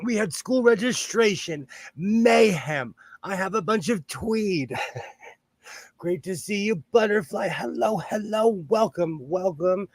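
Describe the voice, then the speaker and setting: A man's voice: high voice, lively intonation, slow pace, no room sound. A middle-aged man with a Southern Californian accent hosts a casual sewing livestream, greeting viewers by name.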